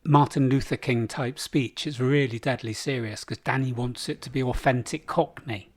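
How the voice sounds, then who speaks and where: A man's voice: mid-range voice, steady tone, moderate pace, dry recording. A man in his sixties, co-hosting a podcast in casual chat, rambling through a story and acting out the people in it. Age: 60s. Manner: rambling storyteller acting out game-show contestants in put-on voices. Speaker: podcast co-host.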